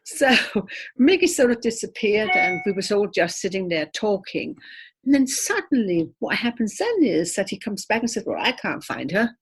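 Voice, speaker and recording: An older woman, a medium, telling animated stories with laughter in a conversational interview, her English slightly non-native in phrasing. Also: medium pitch, moderate pace, slightly rough. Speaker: spiritual medium, guest.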